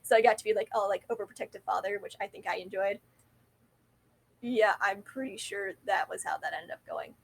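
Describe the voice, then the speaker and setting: A woman's voice: medium pitch, fairly quick, creaky, breathy edge. A young adult woman telling a rambling, self-deprecating story to camera, often correcting herself mid-sentence. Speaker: vlogger.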